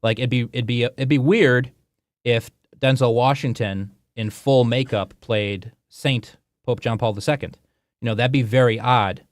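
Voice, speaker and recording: A man co-hosting a live talk show in casual chat, relaxed and reflective, trailing off softly. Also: medium pitch, unhurried, dry recording, studio quality.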